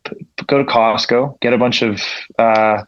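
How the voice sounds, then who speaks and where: A young coffee professional from Ontario, Canada, guests on a podcast, rambling in a laid-back way with free swearing and lots of "like." His medium-pitched voice is fairly even at normal speed, with no echo, on dull lo-fi audio.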